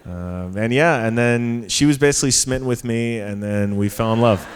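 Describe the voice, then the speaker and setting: Speaking at a moderate pace in a mid-range voice, a panel guest chats his way through a story on a conference stage in front of an audience. He's full of fillers and restarts and laughs at his own story, and the recording carries slight background noise and live hall reverb.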